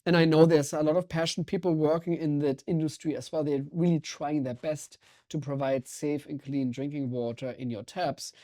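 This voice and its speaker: Mellow-voiced energetic German-accented man. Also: on the high side, normal speed. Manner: energetic, intense, emphatic. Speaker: guest, water sommelier. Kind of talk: podcast interview conversation.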